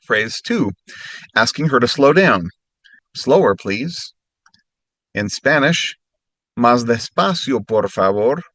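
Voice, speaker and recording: A man teaching a recorded language lesson, giving clear instructions and slowing right down when he models practice phrases. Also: mid-range voice, animated, a bit bright, no room sound.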